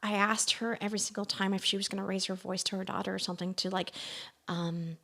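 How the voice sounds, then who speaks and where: A middle-aged woman, a podcast guest, telling personal stories in a casual, animated way, laughing often and dropping into soft asides. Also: medium pitch, quick pace, gravelly. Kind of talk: casual conversational storytelling.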